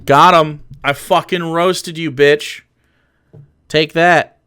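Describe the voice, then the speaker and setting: Male streamer, high voice, taunting, profane, laughing a lot, unhurried. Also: steady tone, sharp tone, clear, resonant tone. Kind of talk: live stream commentary.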